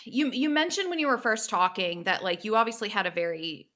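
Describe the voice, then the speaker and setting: A woman's voice: medium pitch, animated, a little fast, pushed and bright. A woman co-hosting a podcast, asking long, hedging questions full of fillers. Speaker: podcast co-host. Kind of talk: casual interview questions.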